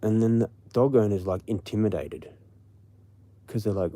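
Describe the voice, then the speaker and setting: A man's voice: on the low side, normal speed, pauses often, mellow, dry recording. A man with an Australian accent, ranting casually and profanely on a late-night livestream. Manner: profane, rambling. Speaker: livestream host.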